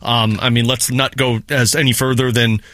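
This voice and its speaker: A man co-hosting a casual sports podcast, animated and playful. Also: mid-range voice, normal speed, dry recording, studio quality. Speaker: podcast co-host.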